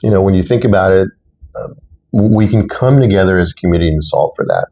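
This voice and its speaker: A middle-aged man from Texas with a very low voice speaks as a guest in an interview. He tells stories from his own life in an earnest, personal way. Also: lively intonation, fast, creaky, mellow. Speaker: city council candidate. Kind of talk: interview conversation.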